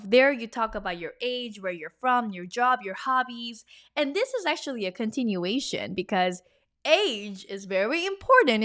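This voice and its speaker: A woman, giving an energetic, chatty video lesson and drilling phrases for the viewer to repeat. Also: a little high. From Korea. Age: 30s. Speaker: language teacher.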